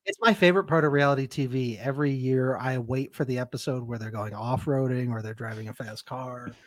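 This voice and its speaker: A young man co-hosting a podcast, trading deadpan sarcastic jokes and laughing often. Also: mid-range voice, fairly quick, no echo. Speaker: podcast co-host. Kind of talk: casual chat.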